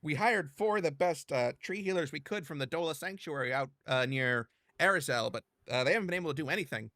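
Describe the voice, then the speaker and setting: A man narrating as game master and voicing characters, hesitant, with frequent pauses and restarts. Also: a little high, expressive, bright, forceful tone, dry recording, clean studio sound.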